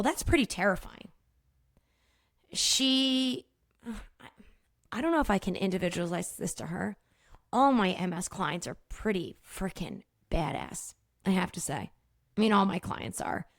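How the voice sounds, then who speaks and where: A woman who works as a movement practitioner, hosting her own podcast and talking directly to listeners in an emphatic, energetic way. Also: medium pitch, unhurried, long pauses, dry recording, studio quality. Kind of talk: solo educational podcast talk.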